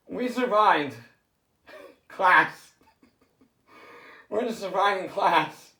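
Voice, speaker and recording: A man's voice: high voice, slow, pauses often, a bit bright, echoey room. A man rambling casually and jokingly to listeners, laughing and repeating himself as he talks.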